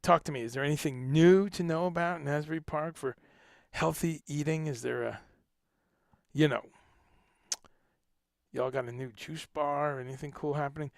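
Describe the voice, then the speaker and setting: A man hosting a casual livestream chat, animated and joking, who swears casually and greets viewers by name. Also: fairly high pitch, normal speed, gravelly, pauses often, dry recording, studio quality. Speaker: livestream host.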